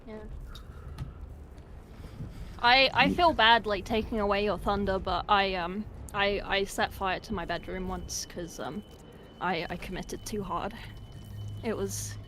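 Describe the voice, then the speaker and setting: A woman's voice: medium pitch, measured pace, long pauses, fairly bright tone, a little hiss or hum. A woman in a casual stream chat, giggly and self-deprecating, with hesitant starts.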